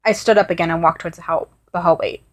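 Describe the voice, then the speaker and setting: A woman with a slightly low voice reading a first-person fan fiction story aloud. Her delivery is earnest and unpolished, with small restarts now and then. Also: fairly even intonation, quick pace. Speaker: story reader.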